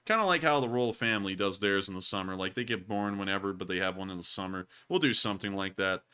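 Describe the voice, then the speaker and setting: A young man in his twenties with a Southern US accent, co-hosting a casual livestream and answering viewer questions, jokey and quick to laugh. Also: low voice, clean tone. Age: 20s. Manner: jokey, excitable, laughs often. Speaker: co-host of a war news show. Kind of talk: casual livestream chat answering super chats.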